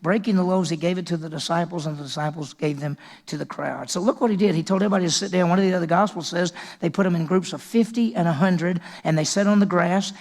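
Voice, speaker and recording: A man's voice: high voice, fast, few pauses, darkish tone. A male pastor preaching a sermon in a conversational way, often restarting and repeating words.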